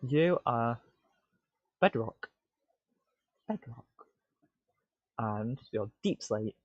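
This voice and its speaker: A live-coding streamer mutters to himself in a mid-range voice, speaking very slowly yet excitably and restarting with stammers. It's casual stream self-talk, captured as dry, dull lo-fi audio.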